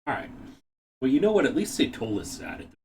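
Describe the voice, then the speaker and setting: A man hosting a live game stream, chatting casually, reading out viewer messages and laughing often with excited exclamations. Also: medium pitch, fast talker, far from the mic, slight background noise.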